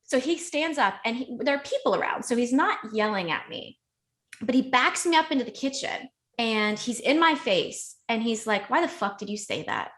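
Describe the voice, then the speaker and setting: A young adult woman speaks as a podcast guest, telling a personal story in a casual, conversational way. Her voice sits a bit high. She is animated and emotional, often breaking off and restarting her sentences. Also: moderate pace.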